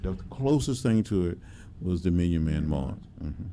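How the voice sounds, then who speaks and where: Older man, deep and mellow. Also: expressive, a little hiss or hum. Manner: measured storytelling with emphatic pauses and fillers. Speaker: interviewee, civil rights veteran. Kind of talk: reflective oral history interview.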